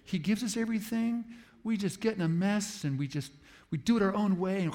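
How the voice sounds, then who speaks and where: A man preaching to a room of pastors, telling stories in an animated, self-aware way. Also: high-pitched, normal speed, creaky, big-room sound. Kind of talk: sermon to pastors.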